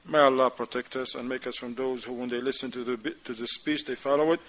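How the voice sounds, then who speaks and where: A man teaching a class at a mosque, animated, acting out little dialogues in casual non-standard English. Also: medium pitch, quick pace, few pauses, rough recording. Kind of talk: lecture class.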